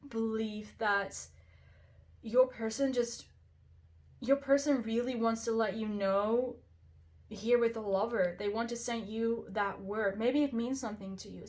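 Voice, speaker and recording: A woman reads tarot cards for her viewers, speaking in a somewhat high voice. She gushes over each card, breaks into delighted exclamations, and keeps reassuring the listener in a warm, direct way. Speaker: tarot reader, channel host. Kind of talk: pick-a-card tarot reading to camera.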